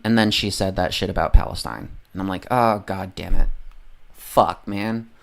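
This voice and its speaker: A livestreamer ranting casually about politics, heavily profane and rambling, often losing the train of thought. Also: mid-range voice.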